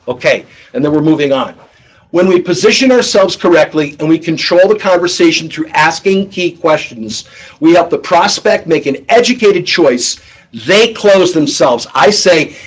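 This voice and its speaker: A man giving a sales training talk to his team, lively and acting out both sides of phone calls. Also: fairly high pitch, slightly rough, rough recording.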